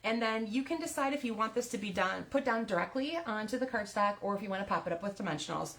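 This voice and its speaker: A woman's voice: medium pitch, lively intonation, fast talker, a bit bright, a little hiss or hum. A woman leading a live card-making tutorial, chatty and step-by-step, sometimes laughing at her own slips.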